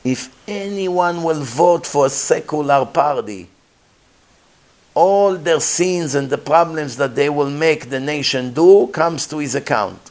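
Male rabbi, Torah lecture; emphatic storyteller, slightly high voice, non-native English peppered with Hebrew. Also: unhurried. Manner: emphatic, animated, switches into Hebrew phrases.

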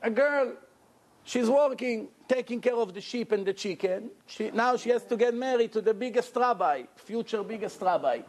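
A man giving a storytelling sermon as a rabbi, animated and asking his audience questions, at a lecture. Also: sits high, normal speed. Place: lecture room with audience, indoors.

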